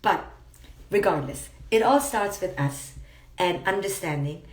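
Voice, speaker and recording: A woman's voice: fairly low pitch, lively intonation, measured pace. A woman psychologist giving a live-streamed motivational talk, emphatic and blunt, repeating her key words. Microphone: phone live stream. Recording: roomy echo.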